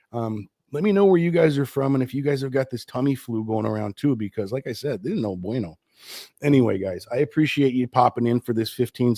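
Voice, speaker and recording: A man's voice: mellow, dry recording, studio quality. Worn-out sick man rambling on a live stream. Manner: rambling, loose, low-energy. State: sick with flu, tired. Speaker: host of a live stream show. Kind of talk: casual live stream chat. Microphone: streaming setup.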